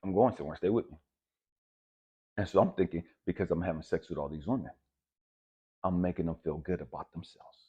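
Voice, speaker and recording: Deep husky man, raw impassioned testimony. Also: brisk, long pauses, highs cut off. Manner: raw and profane, swinging from hushed to loud. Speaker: speaker sharing a personal testimony.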